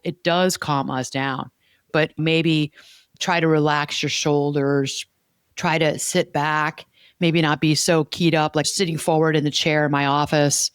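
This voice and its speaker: Her voice sits low, recorded cleanly in the studio with no room sound, as this therapist talks through her podcast conversation. She is earnest and explanatory, circling back to repeat key words.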